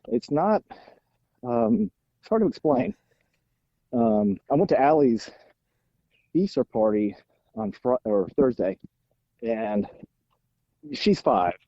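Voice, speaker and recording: A middle-aged man, a podcast guest telling stories in animated, self-deprecating casual chat. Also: medium pitch, dry recording, muffled recording. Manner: animated, self-deprecating storyteller with rising exasperation. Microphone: phone while out walking.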